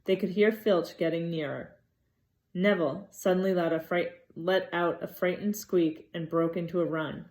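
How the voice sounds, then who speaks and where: A woman reading a novel aloud in an expressive, dramatic way. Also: fairly low pitch, moderate pace. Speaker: reader.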